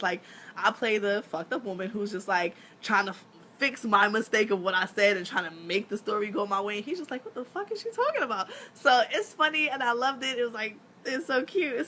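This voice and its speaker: A bright, sharp-toned woman in her thirties talks casually to her followers on a live stream. She tells stories with lots of energy, laughs often and swears without a second thought. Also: medium pitch, fairly quick, slight background noise. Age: 30s. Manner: animated storytelling, laughs often, swears freely.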